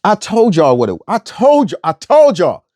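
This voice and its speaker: A man's voice: high-pitched, wildly swooping pitch, normal speed, darkish tone, no echo. A young man delivering a blunt, profane rant as an online commentator, repeating phrases for emphasis. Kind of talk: ranting monologue.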